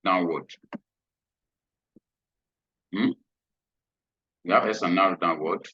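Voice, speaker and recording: A low-voiced man talks through a trading lesson, repeating phrases and checking in with a questioning "hmm?". His tone is bright and slightly husky. The recording is dry and a bit dull. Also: takes it slowly, no room sound. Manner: repetitive, checks in with frequent "hmm?". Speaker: trading instructor. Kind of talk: screen-share trading lesson.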